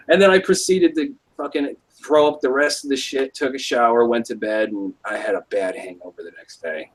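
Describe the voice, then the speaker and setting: Over poor audio, a young man with a mid-range voice talks a little fast and with few pauses on a live stream. His casual story rambles, loaded with constant swearing and frequent "like."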